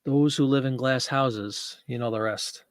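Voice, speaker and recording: A man with a steady, mid-range voice speaks at a measured pace while hosting a casual live selling stream. He's chatty and prone to rambling, laughs often, and reads viewer comments aloud as he answers them. No echo is present.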